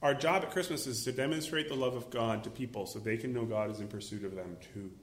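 A man preaching a sermon as a pastor, animated, acting out little voices and exclaiming as he goes. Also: medium pitch, fast talker, roomy sound.

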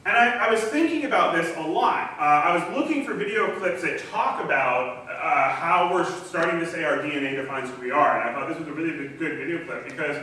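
A male pastor gives a relaxed, conversational sermon with a bright, forceful tone and a fairly high voice. He talks loosely, full of ums and false starts. The sound is very echoey and picked up from a distance in a church hall, with faint hiss behind. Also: a little fast, few pauses. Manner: casual, chatty, frequent ums and restarts. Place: church sanctuary.

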